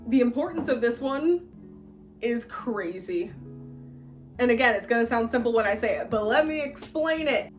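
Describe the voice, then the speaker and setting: A woman's voice: a little high, animated, moderate pace, faint music behind. Emphatic woman in her late twenties. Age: late 20s. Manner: emphatic, blunt, repeats lines for effect. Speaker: vlogger. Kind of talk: casual advice vlog.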